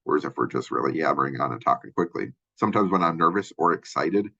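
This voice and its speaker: Deep gravelly Minnesotan man lecturing. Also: lively intonation, fast talker, sharp tone, dull audio. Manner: casual, hesitant, many fillers and restarts. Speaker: college instructor. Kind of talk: lecture overview of a textbook chapter.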